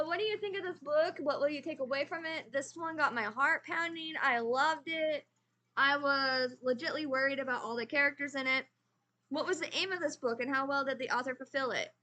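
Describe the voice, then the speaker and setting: Chatty high-voiced American woman. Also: sharp tone. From United States. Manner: chatty, rambling, corrects herself mid-sentence. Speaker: book reviewer. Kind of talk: casual book review chat. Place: at a desk with a computer.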